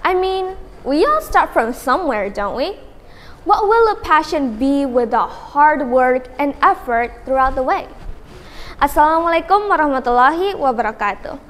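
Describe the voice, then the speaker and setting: Fields: high-voiced teenage girl, hall speech. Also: animated, normal speed, a bit bright. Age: teens. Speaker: speech contest entrant. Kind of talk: memorized contest speech. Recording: long hall reverb.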